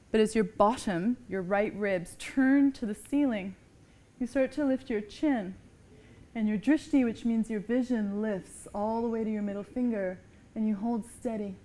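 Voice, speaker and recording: A woman leads a yoga class, cueing each pose in a calm, encouraging way. She is slightly out of breath as she moves through the flow herself. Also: medium pitch. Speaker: yoga teacher. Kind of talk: guided yoga class instruction.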